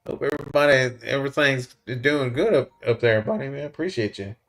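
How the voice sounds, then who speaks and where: Soft background music plays as this man runs a relaxed livestream, going through chat, laughing a lot and addressing viewers as "man" and "buddy." His mid-range voice is gravelly and a bit bright, and he talks briskly.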